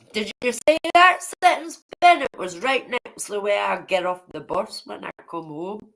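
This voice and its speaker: Livestreamer, woman from the of England: slow, gravelly, blunt and sweary as she chats with her viewers. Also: medium pitch, lively intonation, fairly bright tone, a little hiss or hum, rough recording. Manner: blunt, swears freely, talks to chat by name. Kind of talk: casual live-stream chat with viewers.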